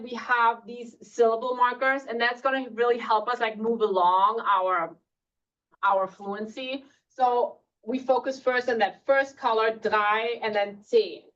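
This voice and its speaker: In a school classroom, a woman with a voice on the high side teaches German basics in a casual lesson, speaking slowly and relaxedly with many fillers and pronouncing German words slowly and deliberately. The recording sounds distant and muffled.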